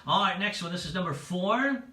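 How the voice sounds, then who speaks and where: A man's voice: sits high, expressive, fairly quick, pushed and bright, recorded from a distance. A man hosting a livestreamed pub quiz from home, chatty and playful, reading out each set of options twice. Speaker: quiz host. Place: room at home. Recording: echoey room, away from the mic.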